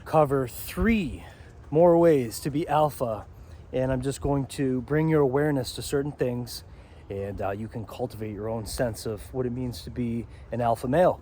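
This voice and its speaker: Male self-help vlogger, mellow dark voice, rambling outdoor talk, faint background hiss. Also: medium pitch. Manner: rambling, asks "okay?" often. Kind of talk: walking outdoor vlog monologue. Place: outdoors beside a pond.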